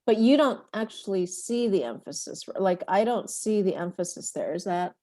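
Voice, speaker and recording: A woman's voice: mid-range voice, lively intonation, moderate pace, mellow. A woman taking part in a workshop over a video call, asking questions and restating points to check she understands. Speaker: workshop participant.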